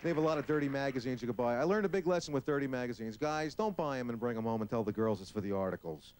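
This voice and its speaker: Brash, fast-talking male stand-up comic. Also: mid-range voice, animated, darkish tone. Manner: brash, profane, acts out voices. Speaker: stand-up comedian. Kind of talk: stand-up comedy set. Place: comedy stage before a live audience. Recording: hissy old VHS tape recording.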